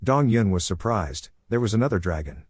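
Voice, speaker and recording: A man with a lowish voice reads a comic recap in a steady, even narration. The recording is dry and close, with no room sound around him. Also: a little fast, breathy edge, no room sound.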